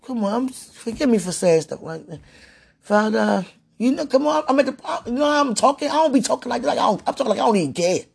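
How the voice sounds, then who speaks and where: A woman's voice: fairly high pitch, expressive, fairly quick, creaky, darkish tone, breathy edge. A woman vlogging in a casual, rambling monologue, sighing and repeating herself as she pleads aloud to God.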